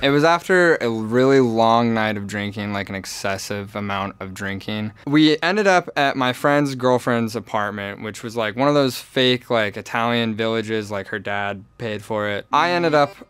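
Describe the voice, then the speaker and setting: A man's voice: on the low side, expressive, normal speed, hardly any pauses, fairly bright tone, smooth, no echo. A young man in his twenties tells a personal story in a rambling, candid way, full of fillers.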